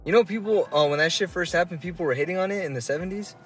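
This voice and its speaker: A man co-hosting a casual podcast, laid back and offhand, dropping into a low deadpan voice for quotes. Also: racing, distant mic, over music. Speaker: podcast co-host. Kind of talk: casual chat.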